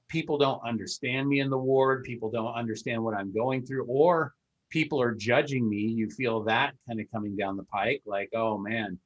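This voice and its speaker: A man hosts a podcast and talks in a loose, rambling way, filling his sentences with "uh" and "um". His voice sits at an ordinary middle pitch. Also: fairly bright tone, highs cut off. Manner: rambling, filler-heavy. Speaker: podcast host. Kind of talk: casual interview chat.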